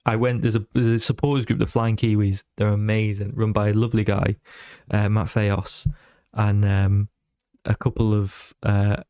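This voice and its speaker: Male podcast guest, animated storyteller, dry close mic. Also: on the low side, normal speed, clear, resonant tone, dry recording. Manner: animated storyteller who slips into voices. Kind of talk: casual chat.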